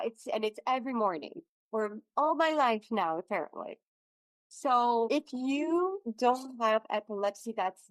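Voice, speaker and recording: A woman's voice: medium pitch, fairly bright tone, no room sound, poor audio. Lady on a podcast, earnest, asks lots of questions, dry sound. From France. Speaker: podcast guest. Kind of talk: casual podcast conversation.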